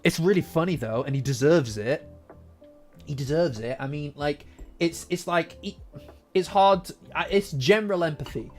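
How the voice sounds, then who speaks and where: A man hosting a casual manga reaction, animated and profane, repeating lines for emphasis. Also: on the high side, moderate pace. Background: faint lofi background music.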